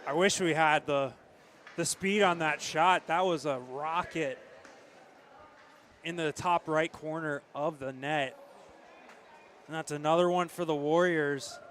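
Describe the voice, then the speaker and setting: A man giving hockey color commentary, talking through the plays in a relaxed way. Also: fairly high pitch, unhurried, long pauses, a little hiss or hum.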